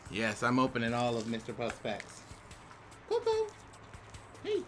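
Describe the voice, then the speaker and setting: A young man hosting a casual video, chatting as he opens packs of game cards. He talks in a relaxed way, with sudden excited outbursts. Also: mid-range voice, a little fast, faint music behind. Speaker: YouTube host. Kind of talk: casual commentary while opening game card packs.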